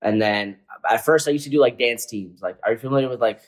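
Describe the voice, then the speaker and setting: A man in his twenties, a guest chatting casually in a relaxed, slangy way with lots of filler words. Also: medium pitch, fast, rough recording. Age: 20s. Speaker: guest, comedian and dancer. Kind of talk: casual chat.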